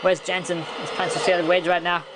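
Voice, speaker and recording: A man giving excitable play-by-play commentary on a video game wrestling match, chuckling and stumbling over his words, his voice jumping high at big moves. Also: moderate pace, very noisy.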